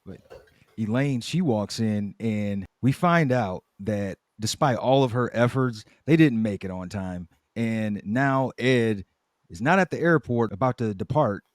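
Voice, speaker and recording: A man's voice: lowish voice, expressive, a little slow, no echo. A man co-hosting a podcast who chimes in on a sitcom recap with casual, dry remarks. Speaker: podcast co-host.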